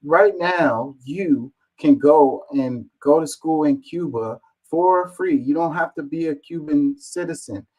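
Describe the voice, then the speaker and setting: A man's voice: a little high, slow, few pauses, a little mellow, low-quality recording. Exasperated man ranting casually. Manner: exasperated, swears, rhetorical questions. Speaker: commentator reading comments.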